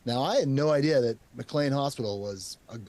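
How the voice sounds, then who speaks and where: A man hosting an interview podcast, his voice sitting at an ordinary middle pitch. He tells stories in a loose, rambling way, with bursts of laughter and casual swearing. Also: a little fast, darkish tone. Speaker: podcast host.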